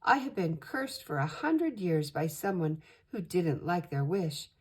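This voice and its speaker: A woman's voice: unhurried, breathy edge, heavily acted. An older woman voicing a timid female wish-granting spirit who frets nervously. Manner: nervous, fretful, high and excited.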